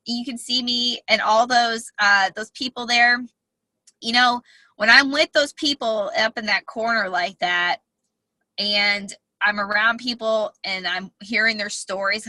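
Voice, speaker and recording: A woman's voice: a little high, sharp tone, no echo, poor audio. A woman speaking as a health coach, giving a heartfelt, rambling personal testimonial from inside a parked car. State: emotional.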